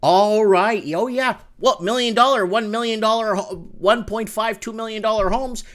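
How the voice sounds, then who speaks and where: A man hosting a live call-in show from his home, talking in an animated rant that swings between low mutters and loud outbursts. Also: moderate pace. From Canada. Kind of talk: excited casual live-stream rant. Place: home room with window open.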